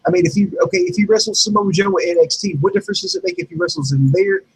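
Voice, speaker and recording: A man co-hosting a wrestling review show, calmly arguing back with lots of fillers. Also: high voice, rapid-fire, vocal fry, breathy edge, low-quality recording. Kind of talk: casual debate.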